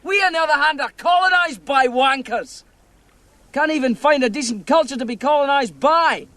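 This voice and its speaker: A bitter young Scottish ranter. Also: male voice, very high voice, moderate pace, no room sound, exaggerated voice. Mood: scornful. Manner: shouting, scornful, swearing. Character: bitter young Scottish man ranting at friends. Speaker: film character.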